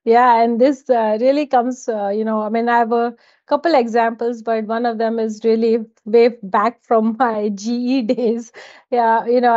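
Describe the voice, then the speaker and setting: A woman's voice: a little high, a little mellow. A woman from India, a guest telling stories in a casual interview and laughing often between phrases. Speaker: guest, data executive. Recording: dull lo-fi audio.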